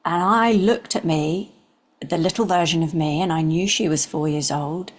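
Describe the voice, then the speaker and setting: A woman in her sixties, an interview guest, earnestly telling a personal story and sometimes dropping into soft whispers. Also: deep voice, moderate pace.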